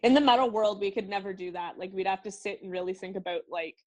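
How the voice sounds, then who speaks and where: A woman's voice: mid-range voice, fast talker. A woman in her thirties with a Canadian accent, a singer chatting freely as an interview guest, laughing often and filling with "like". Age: 30s. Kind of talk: casual interview chat.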